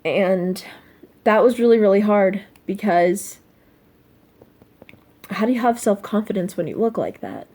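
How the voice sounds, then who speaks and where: A teenage girl speaking in a personal confessional vlog, soft and halting, full of fillers, sounding upset. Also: medium pitch, expressive. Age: teens. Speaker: vlogger.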